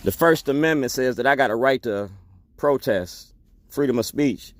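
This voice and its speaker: A man's voice: mid-range voice, normal speed. Defiant man declaiming. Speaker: activist. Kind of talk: public testimony speech.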